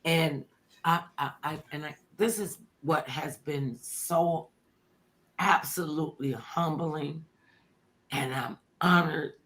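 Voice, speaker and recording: An older woman tells stories in casual conversation. She acts out quotes, jumping from loud bursts to hushed whispers. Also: deep voice. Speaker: former talk show host telling stories. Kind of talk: casual storytelling interview.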